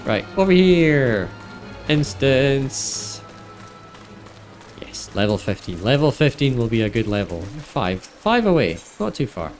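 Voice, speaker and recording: An upbeat man chats casually while playing a video game on stream, often laughing and poking fun at himself. His voice sits at a middle pitch and comes through a desk microphone. Game music plays clearly behind him. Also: very animated, takes it slowly. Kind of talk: casual gameplay commentary.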